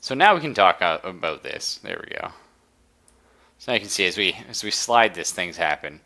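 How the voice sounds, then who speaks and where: A deep-voiced man talks at a normal speed, sounding very animated, pushed and bright. He's live-streaming a strategy game, chatting casually and with enthusiasm as he walks through the mechanics while playing.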